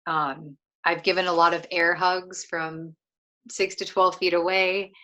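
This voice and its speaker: A young woman with a low, bright voice, reflecting on a book in a relaxed chat over a video call. She speaks slowly and thoughtfully, often pausing and restarting her sentences. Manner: thoughtful, many fillers and restarts. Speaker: co-host of a book discussion.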